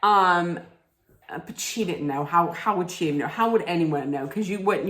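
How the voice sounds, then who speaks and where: A woman's voice: fairly low pitch, unhurried, fairly bright tone. A middle-aged woman telling a personal story in casual chat, rambling with many fillers and restarts. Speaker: vlogger. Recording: echoey room.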